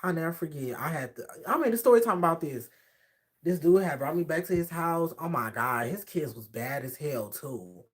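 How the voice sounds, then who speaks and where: A man telling a hookup story on a casual livestream, sassy and animated, acting out the voices of the people he quotes. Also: fairly high pitch, a little fast.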